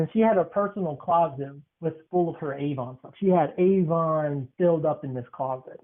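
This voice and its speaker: A man's voice: a little high, moderate pace, hardly any pauses. Teasing young man, tinny phone sound. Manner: teasing, joking storyteller. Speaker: podcast host. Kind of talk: casual podcast chat.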